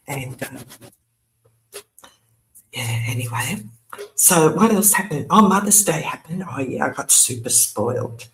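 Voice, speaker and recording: A woman's voice: a bass voice, slight background noise. An older woman, hosting her own channel in a casual, rambling chat, laughing often and tossing in sarcastic asides. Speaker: YouTube channel host.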